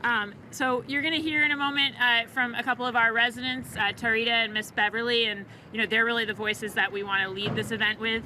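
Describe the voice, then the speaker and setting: A woman with a bright, slightly high voice hosts an outdoor ribbon-cutting at a podium. She talks casually, filling pauses with ums and uhs. Faint background noise is heard. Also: steady tone, poor audio. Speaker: housing authority administrator. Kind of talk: ceremony emcee remarks. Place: outdoor ceremony.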